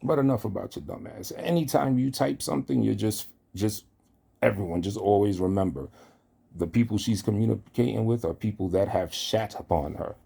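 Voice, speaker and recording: His voice sits on the low side, gravelly, mellow and slightly rough, at a moderate pace. An online commentator, he confronts someone head-on in a profane, heated callout rant.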